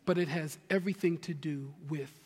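A man from New Jersey preaching a sermon as pastor, animated and swinging between loud and hushed, with humorous asides. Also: a little high, a little fast, slightly rough. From New Jersey, USA. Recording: long reverb of a large hall.

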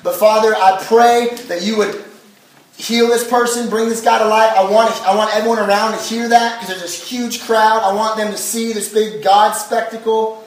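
A man's voice: sits high, little pitch movement, moderate pace, close to an everyday voice. A man preaching a sermon, briefly voicing Jesus praying aloud in an earnest way. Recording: echoey hall from far off.

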